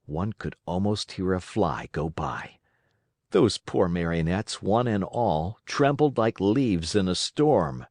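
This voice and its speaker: A man narrates a classic fairy tale for English learners. His voice sits on the low side but moves with lively, animated pitch. The sound is dry and close to the mic. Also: slow pace, no room sound. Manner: expressive, lively storytelling. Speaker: storyteller.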